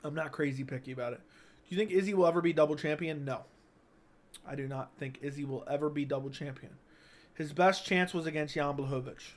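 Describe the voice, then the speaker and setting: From his home setup, a man hosts a casual livestream and reads out chat messages. He cracks crude jokes and teases his viewers, his voice sitting a bit high for a man. He uses a studio dynamic mic.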